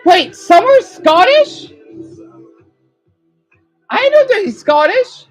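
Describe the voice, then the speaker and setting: A woman's voice: very high-pitched, very slow, soft background music, rough recording. A woman streamer chatting casually as she reacts to songs and talks to her viewers by name. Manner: excitable, talks to chat by name.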